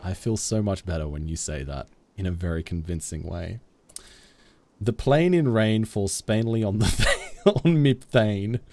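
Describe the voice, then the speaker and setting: A man's voice: on the low side, unhurried, darkish tone. A man live-streaming a game, chatting casually with viewers in a goofy, self-mocking way.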